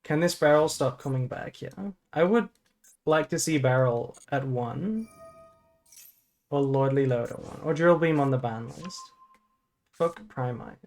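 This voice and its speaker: A woman's voice: a bass voice, measured pace, long pauses, a little mellow, soft background music. A woman streamer casually thinking aloud through a card game, swearing and groaning melodramatically at her bad luck.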